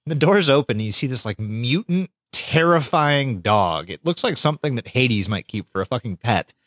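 A man co-hosting a podcast, retelling an episode with lots of swearing and squeaky voiced impressions of the characters. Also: lively intonation, moderate pace, a bit bright, no echo, studio quality. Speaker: podcast co-host. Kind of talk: casual podcast recap.

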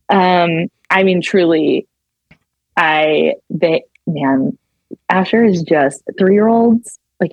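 Podcast guest: woman, husky, lively storyteller, dry close mic. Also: lowish voice, no room sound, highs cut off. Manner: animated storyteller, laughs often. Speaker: mother of two. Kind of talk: casual chat.

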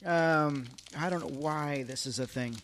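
A man's voice: a little high, a little slow, a bit bright, slight background noise. A man hosting a casual food taste-test, joking and making mock-announcer asides to viewers.

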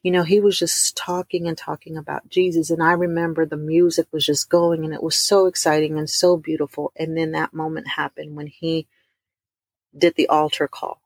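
A middle-aged woman, telling a heartfelt personal testimony to her listeners, warm and emotional, calling them y'all. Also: sits low, level tone, husky, no room sound, studio quality. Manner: emotional, addresses listeners as y'all, drawn-out emphasis. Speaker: host of a faith talk stream.

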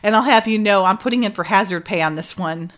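A middle-aged woman chats casually as a co-host, retelling a story with lively energy. She acts out quoted lines and laughs often as she talks. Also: mid-range voice, fast talker. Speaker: podcast co-host. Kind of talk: casual recap chat.

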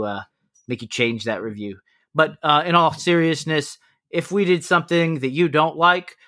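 A man's voice: on the high side, a bit bright. A man co-hosting a casual woodworking podcast, reading sponsor and review plugs in an easygoing, jokey way. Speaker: podcast co-host. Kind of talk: casual podcast outro chat.

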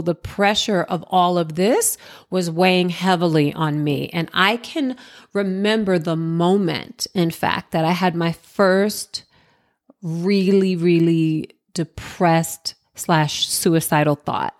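A woman podcast host from New Jersey speaks in a candid, reflective solo monologue. Her voice sits in a middle pitch, and she talks straight to the listener as if across a table. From New Jersey, USA. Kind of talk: personal storytelling monologue.

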